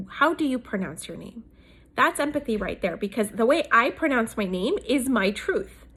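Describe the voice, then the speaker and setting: A woman in her thirties, from South Asia, talking casually about leadership in a thoughtful way, with many fillers and restarts. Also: on the high side. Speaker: host.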